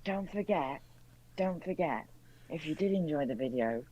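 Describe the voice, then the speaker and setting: A man's voice: on the high side, animated, normal speed, highs cut off, heavy background noise. A man co-hosting a casual football podcast, giving a jokey, upbeat sign-off. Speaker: podcast co-host. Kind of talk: casual chat outro.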